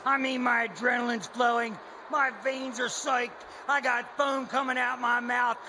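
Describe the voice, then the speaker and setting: A man boasting loudly and crudely on a wrestling broadcast, with a roaring arena crowd behind him. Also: very high-pitched, flat delivery, a little slow. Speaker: wrestling show performer.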